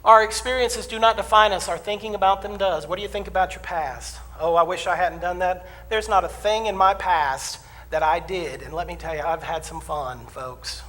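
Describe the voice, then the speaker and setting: A middle-aged man preaching a conversational sermon as minister, swinging from loud declarations to hushed asides and acting out complaints in quoted voices. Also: sits high, moderate pace, hardly any pauses. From southern United States. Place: church sanctuary. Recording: long hall reverb, faint room noise.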